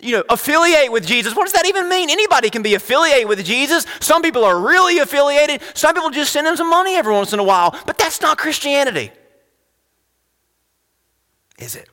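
High bright-voiced male pastor preaching. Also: in a large hall. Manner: animated, rhetorical questions, wide swings between loud and hushed. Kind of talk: sermon.

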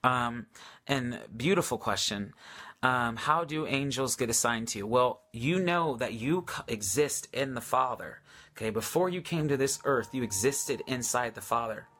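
A man's voice: medium pitch, expressive, moderate pace, a bit bright. A man hosting a casual live question-and-answer session on faith, enthusiastic and hesitant, with many ums and restarts. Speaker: host answering viewer questions.

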